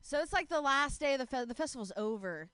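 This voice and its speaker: Woman, stand-up comic, high voice, rambling, laughing, dry close sound. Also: expressive, quick pace, fairly bright tone, dry recording. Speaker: stand-up comedian. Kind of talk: stand-up storytelling.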